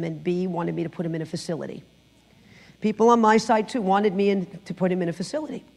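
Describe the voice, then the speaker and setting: A middle-aged woman sharing her personal testimony in church, telling the story with lively acted-out quotes. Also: medium pitch, creaky, big-room sound. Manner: animated storytelling, acting out quotes. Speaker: guest speaker giving testimony. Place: church sanctuary.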